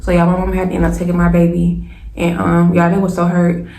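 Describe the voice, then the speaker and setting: A woman's voice: on the low side, brisk, vocal fry. A young woman telling a personal storytime straight to viewers, acting out what everyone said and calling her audience "y'all". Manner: animated retelling with repeated "y'all" and quoted dialogue. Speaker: storytime vlogger. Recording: echoey room with faint background hum.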